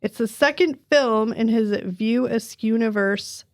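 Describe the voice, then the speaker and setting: Chatty higher-voiced middle-aged woman. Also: measured pace, no echo, studio quality. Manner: chatty, laughing, many "like" fillers. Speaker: podcast co-host. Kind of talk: casual chat.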